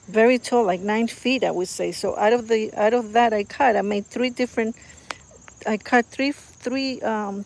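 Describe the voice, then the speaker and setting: A woman's voice: mid-range voice, gravelly, a little mellow. A woman chatting casually while filming her garden on a phone, rambling with fillers and gushing over the flowers. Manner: admiring and gushing. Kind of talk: casual vlog chat. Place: outdoor garden. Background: crickets and insects outdoors.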